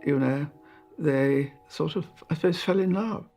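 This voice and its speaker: An elderly woman, reminiscing in an interview with chatty anecdotes and soft hesitations. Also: deep voice, a little slow, music in the background. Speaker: interviewee recalling royal life.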